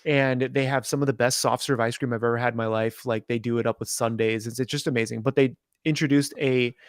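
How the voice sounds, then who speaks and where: A man's voice: medium pitch, fairly even intonation, quick pace, no room sound, studio quality. A man co-hosting a podcast in casual chat, teasing and laid-back. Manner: teasing, laid-back, says dude and bro. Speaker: podcast co-host.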